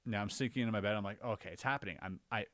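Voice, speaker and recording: A man on a podcast, casually recounting his own experiences as an animated storyteller whose voice jumps higher when he relives the scary parts. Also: racing, dry recording, studio quality. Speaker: podcast co-host.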